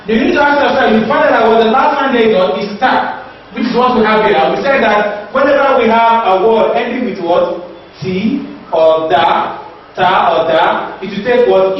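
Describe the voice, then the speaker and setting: High-voiced male teacher in an echoey room. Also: slight background noise. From Nigeria. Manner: repetitive, asks questions and answers them himself. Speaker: English teacher. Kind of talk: classroom lesson on pronunciation. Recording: echoey, distant and dull.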